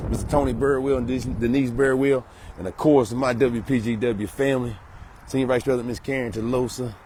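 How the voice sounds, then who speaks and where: Guy streaming live outside, super hyped, repeats himself a lot, bit of street noise behind. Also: medium pitch. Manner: hyped, repetitive shout-outs and slogans. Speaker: solar sales promoter. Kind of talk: live outdoor promo vlog.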